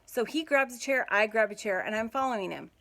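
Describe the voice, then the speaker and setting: A woman's voice: fairly high pitch, expressive, fairly quick, vocal fry, fairly bright tone. A woman in her thirties, a mom telling a family story in a chatty, giggly vlog style. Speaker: mom vlogger.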